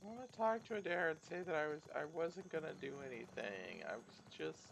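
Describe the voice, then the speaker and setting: A man's voice: fairly high pitch, expressive, brisk, vocal fry, fairly bright tone, a little hiss or hum. A male streamer giving casual gameplay commentary, thinking aloud in muttered asides.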